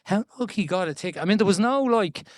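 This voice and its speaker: A man in his seventies with a Dublin Irish accent, telling stories in an animated, chatty way as the guest in an on-stage conversation. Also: sits high, fast, no room sound. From Ireland. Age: 70s. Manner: chatty, animated storyteller with frequent restarts and laughs. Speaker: guest being interviewed. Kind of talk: storytelling conversation. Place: event stage before an audience.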